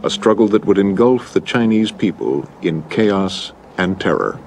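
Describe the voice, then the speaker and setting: Male documentary narrator, very low, gravelly, grave and measured, with loud background noise. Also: lively intonation.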